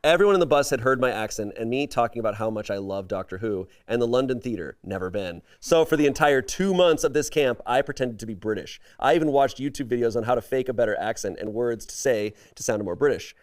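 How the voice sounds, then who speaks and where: A man's voice: mid-range voice, lively intonation, fast talker, hardly any pauses. A man reading a story and comments aloud as a comedy podcast host, breaking off into laughter now and then. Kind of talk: reading posts aloud, casual podcast chat.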